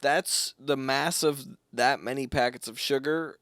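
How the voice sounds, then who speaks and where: A young man co-hosting a casual comedy podcast at home, playful and quick to swear and joke around. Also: medium pitch, fairly bright tone, no echo, clean studio sound. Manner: playful, swears, jumps into silly voices. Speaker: podcast co-host.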